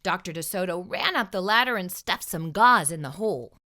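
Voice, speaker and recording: A woman reads a children's picture book aloud as a storyteller. Her bright voice moves through a lively, expressive pitch range. Her delivery is animated, as in reading to young listeners. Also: moderate pace.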